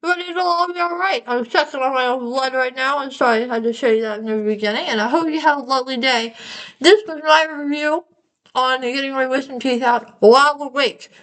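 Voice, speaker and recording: A woman's voice: high voice, fairly quick, fairly bright tone, poor audio. A young woman vlogging casually with a numb mouth after dental surgery, rambling and self-mocking. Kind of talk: casual vlog monologue.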